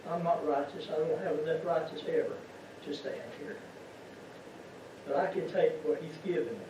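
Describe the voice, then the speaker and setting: In a church sanctuary, this man preaches a homespun sermon as a lay preacher, his voice on the high side and his tone steady at a normal speed. He keeps asking the congregation rhetorical questions. The sound is distant, muffled and echoey with a noisy background.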